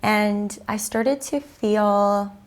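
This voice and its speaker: A woman's voice: mid-range voice, extremely slow. A woman in her thirties, a prenatal class teacher, talking openly and reflectively in an interview, with many fillers. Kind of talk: candid interview conversation.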